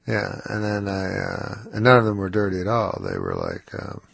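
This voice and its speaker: A man guesting as a comedian on a radio show, talking in a low, nasal, slightly slurred and breathless way with a dry, halting delivery. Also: huge pitch swings, gravelly, a bit bright, no echo. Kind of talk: casual radio interview. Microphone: studio microphone.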